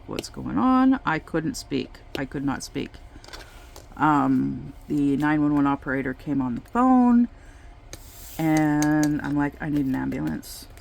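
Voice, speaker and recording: A woman vlogger chatting casually while she crafts, telling a story in a slow, halting way with many pauses. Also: deep voice, gravelly, darkish tone, slight background noise.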